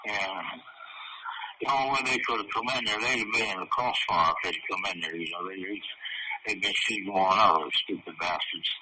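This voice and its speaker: A deep-voiced man being interviewed tells a long, rambling, profane story at a moderate pace, chuckling at parts of it. The recording is distant and noisy.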